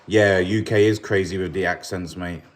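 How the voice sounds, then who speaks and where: A man's voice: deep voice, steady tone, moderate pace, a little hiss or hum. A man with a Birmingham accent chatting casually on a livestream from his off-grid homestead kitchen. He is laid-back, answers viewer comments and calls everyone mate. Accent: Birmingham English.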